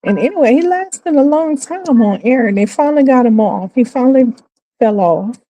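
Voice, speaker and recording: A middle-aged woman hosting her channel, telling a story in casual commentary and acting out quotes with high squeals and laughs. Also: lively intonation, normal speed, dark tone, no room sound, poor audio. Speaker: channel host.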